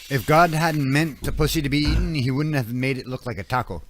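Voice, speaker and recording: A man co-hosting a podcast, delivering crude one-liner jokes in a deadpan way. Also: medium pitch, a little fast, a little hiss or hum. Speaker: podcast co-host. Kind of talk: casual joke-telling.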